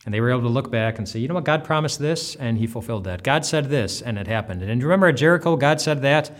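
A man's voice: mid-range voice, expressive, fast, hardly any pauses. A man, a pastor, giving an earnest, conversational devotional talk that often restarts its phrases. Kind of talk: devotional teaching.

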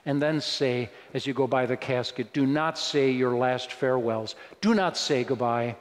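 A man's voice: mid-range voice, normal speed. A man preaching a sermon in a conversational way, breaking into sudden emphatic rises. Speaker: pastor. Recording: long reverb of a large hall.

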